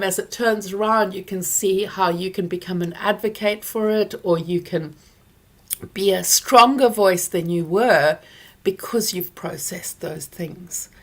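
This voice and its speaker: A woman therapist hosting a live online Q&A, explaining calmly with many fillers and restarts while talking around a throat lozenge. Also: medium pitch. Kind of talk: live online Q&A, answering viewer questions. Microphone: close mic near her ears.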